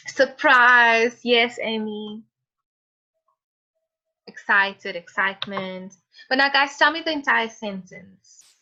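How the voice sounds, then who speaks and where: A woman's voice: on the high side, slow pace, pauses often, pushed and bright, highs cut off. A woman teacher giving an online class lesson, calling on students by name and encouraging them. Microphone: video call.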